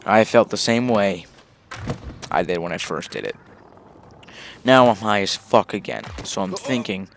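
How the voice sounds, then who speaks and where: Young guy w a low gravelly voice, slow and rambly storytelling, lots of uh and swearing. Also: slight background noise. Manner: rambling, full of fillers and swearing. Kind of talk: casual storytelling.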